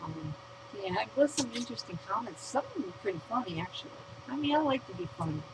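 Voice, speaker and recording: A woman's voice: mid-range voice, very animated, fast, noisy background. An American woman vlogger reading her own written rant aloud, blunt, profane and outspoken.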